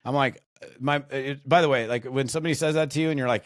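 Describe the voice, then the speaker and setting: Fairly quick and mid-range in voice, a middle-aged U.S. man who trains people in network marketing rambles as a podcast guest. His animated stories are full of fillers and restarts, and the studio sound is clean with no room noise.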